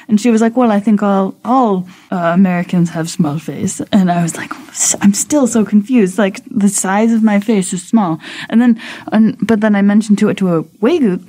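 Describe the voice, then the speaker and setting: A young woman from upstate New York chats as a podcast guest, telling a story with plenty of fillers and self-corrections. Her tone is mellow and relaxed, at a middle pitch. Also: fairly quick. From Buffalo, New York. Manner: chatty storytelling with many fillers and restarts. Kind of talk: casual chat.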